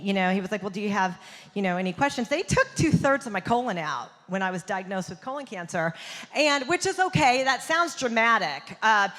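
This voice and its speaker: A woman's voice: fairly high pitch, bright, forceful tone. A woman doing a stand-up comedy set, chatty and punchy with the crowd. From Southern United States. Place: theater stage. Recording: long reverb of a performance hall.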